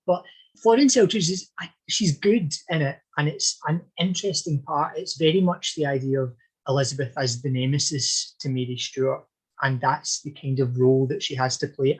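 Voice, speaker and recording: A man's voice: on the high side, slightly rough, rough recording. A man speaking as a historian guest in a podcast interview, talking in a discursive, thoughtful way with frequent self-corrections.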